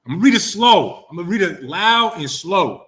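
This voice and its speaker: With a high, very animated, fairly bright voice, a man teaches a religious class by questioning students and prompting their answers. He frequently repeats himself and reads scripture in a slow, deliberate way.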